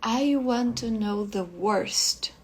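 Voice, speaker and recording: A woman reading aloud, voicing a calm, coldly composed foreign wife in a short story. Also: a little high, slow pace, breathy edge, heavily acted. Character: cold, composed foreign woman, middle-aged.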